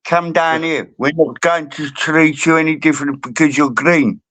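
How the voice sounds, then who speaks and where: A man's voice: on the high side, steady tone, normal speed, a bit bright, close to an everyday voice. A man putting on a jokey South African accent. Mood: mocking. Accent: South African (put on).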